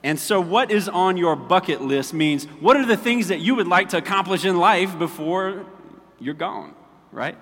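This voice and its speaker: A man's voice: high-pitched, lively intonation, moderate pace, fairly bright tone. A man preaching a casual sermon as pastor, chatty and checking in with his listeners often. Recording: long reverb of a large hall.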